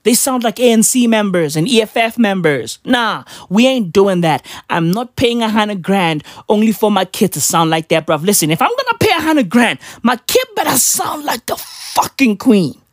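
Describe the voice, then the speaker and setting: A woman's voice: medium pitch, normal speed, hardly any pauses, no room sound, clean studio sound. A South African woman delivering a profane, slangy comedic rant, repeating herself for effect. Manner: animated, repetitive, slangy.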